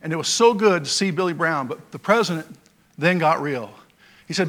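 Male pastor telling stories in a sermon, folksy, lots of uh's, loud then quiet, kinda high voice. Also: animated, normal speed. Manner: folksy storytelling with many fillers; swings between loud emphasis and quiet asides.

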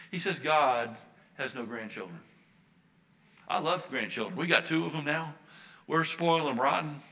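A man's voice: medium pitch, sharp tone, low-quality recording. An older American man, a Baptist minister, preaching a sermon earnestly and repeating his key phrases for emphasis. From United States.

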